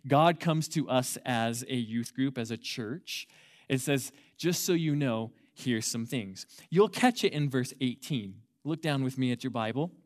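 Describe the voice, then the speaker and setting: A man's voice: mid-range voice, measured pace. A man in his thirties preaching a sermon as a youth pastor, conversational at first and then emphatic, repeating key words for force. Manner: conversational storytelling opener.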